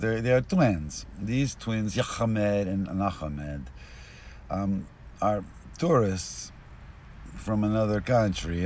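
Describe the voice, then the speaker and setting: A man telling a rambling joke outdoors on a street, losing his thread and swinging between mutters and bursts of loudness, recorded binaurally. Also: on the low side, a little hiss or hum. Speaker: street storyteller.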